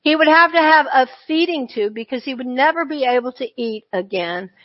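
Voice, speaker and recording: Woman, churchgoer, earnest conversational testimony, slightly high voice, muffled lo-fi sound. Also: animated, normal speed. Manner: earnest, conversational, with frequent asides. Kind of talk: personal testimony storytelling. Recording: dull lo-fi recording.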